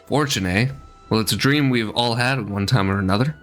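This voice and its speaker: A man's voice: lowish voice, fairly quick, a bit bright, faint music behind, natural voice. A man doing a folksy old-world ship merchant. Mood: chatty. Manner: homely, colloquial, slightly clumsy put-on accent. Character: chatty male sailor-merchant with a rough folksy brogue.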